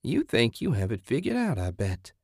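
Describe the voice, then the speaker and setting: A man's voice: medium pitch, wildly swooping pitch, gravelly, a little mellow, husky, no room sound, studio quality, exaggerated voice. A man voicing a vicious, cackling backwoods woman who hisses taunts and threats in an audiobook. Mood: gloating. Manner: taunting, hissing, drawn-out menace.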